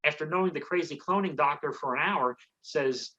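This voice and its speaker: A man's voice: fairly high pitch, a little fast, pushed and bright. Guy on a comedy podcast rambling sarcastically through a movie plot, kinda dull audio. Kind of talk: casual comedic movie recap.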